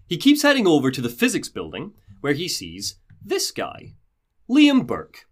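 A male podcast host recapping a game story in an animated, jokey way. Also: fairly high pitch, unhurried.

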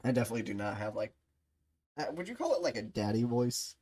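A woman's voice: very deep voice, sing-song, fast, mellow, slightly rough. A woman hosting a casual streamed podcast chat, giggling often and joking about herself. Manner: giggly, self-deprecating. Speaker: podcast host.

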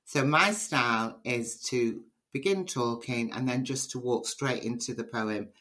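An extremely low-pitched, unhurried voice belongs to a Liverpudlian poet being interviewed. She's chatty and animated, answering conversationally by telling stories.

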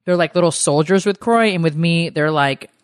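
A woman's voice: lowish voice, moderate pace, clear, resonant tone, dry recording, studio quality. A middle-aged woman co-hosting a podcast, ranting in a heated, swearing casual chat. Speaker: podcast co-host.

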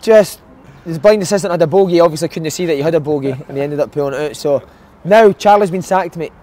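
A man's voice: a little high, quick pace, warm tone. A man with a Scottish accent hosting a casual football podcast, teasing and playful. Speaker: podcast host. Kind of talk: casual chat.

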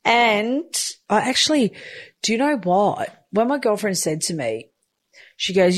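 A woman's voice: unhurried, no room sound. A chatty woman, talking casually and laughing often as she shares stories. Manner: chatty, animated, laughs often, squeals high in baby talk. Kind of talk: casual monologue.

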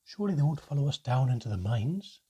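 A man voicing an anxious male goblin monk who pleads in a high, strained voice. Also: very animated, fast talker, warm tone, breathy edge, dull audio. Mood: pleading. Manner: pleading, rising to desperate.

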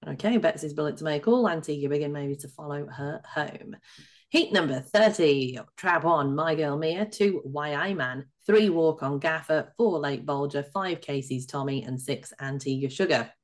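A woman co-hosting a racing betting podcast, briskly running through the runners and passing the floor to her guests. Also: low-pitched. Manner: brisk, runs through lists and hands over to guests. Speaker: podcast co-host. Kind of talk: betting preview chat.

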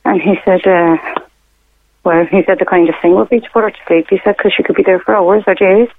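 A woman's voice: lowish voice, steady tone, fairly quick, a little hiss or hum. Middle-aged woman caller on a phone line, hesitant, rambling storyteller. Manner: rambling, hesitant, many fillers and retold quotes. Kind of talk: telling a personal story on a radio phone-in. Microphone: telephone.

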